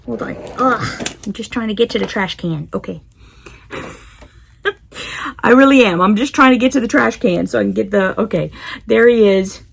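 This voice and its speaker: Giggly woman with a gravelly edge. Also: medium pitch, moderate pace, pauses often, slight background noise. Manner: chatty, giggly, talks to her cat. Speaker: unboxing vlogger. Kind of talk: casual unboxing chat.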